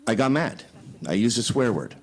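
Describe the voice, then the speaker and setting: A man's voice: mid-range voice, big pitch swings, moderate pace, voice pushed down. A man doing a blunt, foul-mouthed male pundit. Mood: mock-sorry. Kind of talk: comic reenactment of a TV debate.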